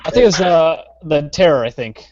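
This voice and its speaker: Here a podcast co-host from around Chicago rambles through a casual live-streamed chat, trailing off with many "uh" fillers. His voice is on the high side, lively in intonation and a little fast. Background noise sits under the dull, lo-fi stream audio.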